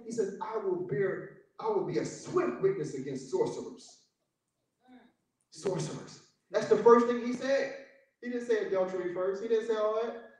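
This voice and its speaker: A man preaching in a high, mellow voice, punctuating every point with "glory to God" and slipping into playful mocking voices. The sound is echoey, as if caught from well back in a church sanctuary. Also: distant mic. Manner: emphatic preaching with frequent "glory to God" interjections; acts out conversations in mocking voices. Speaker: pastor. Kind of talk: sermon.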